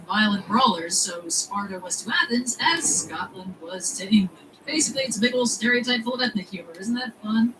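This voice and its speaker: Fast, wry woman narrating a video essay. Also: medium pitch, background noise. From United States. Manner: wry, sarcastic asides.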